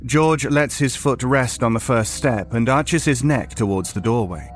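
A man narrating a horror story in a measured, storytelling way. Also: mid-range voice, a little hiss or hum.

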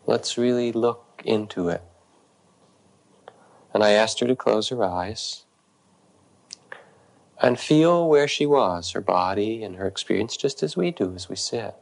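A middle-aged man, a meditation teacher, calmly telling a story in a dharma talk with gentle, unhurried pauses. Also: lowish voice, gravelly.

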